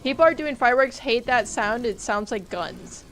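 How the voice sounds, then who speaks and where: A woman's voice: fairly high pitch, lively intonation, normal speed, fairly bright tone, a little hiss or hum. Jumpy young woman streaming a game. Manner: jumpy, swearing, talks to chat. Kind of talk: live gameplay stream chat.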